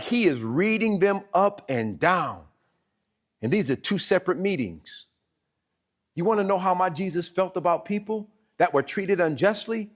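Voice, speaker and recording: High-voiced animated Southern preacher man. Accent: Southern American. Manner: animated preaching with laughs and emphatic repeats. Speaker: pastor. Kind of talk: sermon. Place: church sanctuary.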